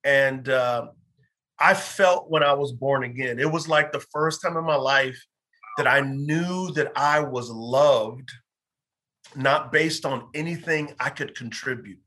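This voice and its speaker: Earnest storytelling pastor, bright voice. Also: male voice, medium pitch, slow. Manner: earnest storyteller acting out quoted dialogue. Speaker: pastor and former pro football player. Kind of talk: personal faith testimony in an interview.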